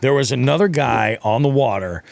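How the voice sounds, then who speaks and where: A man's voice: medium pitch, normal speed, vocal fry. A young man casually telling a fishing story on a podcast, swearing freely and acting out what others said. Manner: profane, animated, acts out quotes. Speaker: podcast speaker.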